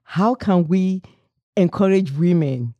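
A woman hosting a podcast interview, asking deliberate, appreciative questions. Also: lowish voice, dark tone, no room sound, highs cut off. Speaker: podcast host.

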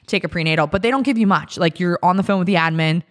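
Low-voiced woman telling a story. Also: fast talker. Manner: chatty, many fillers, acts out quotes. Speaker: podcast co-host. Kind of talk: casual storytelling chat.

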